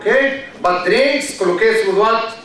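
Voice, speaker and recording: A man's voice: high voice, measured pace, a crowd in the background. A man giving a university lecture, repeating key words and often checking in with "okay?". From Egypt. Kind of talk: classroom lecture. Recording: echoey hall, mic far off.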